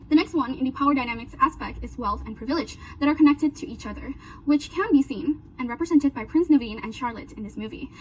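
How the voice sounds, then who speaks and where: High, quick student presenter, a young woman. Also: slight background noise, low-quality recording. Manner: earnest, explanatory, lists points with "so" and "now". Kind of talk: class presentation.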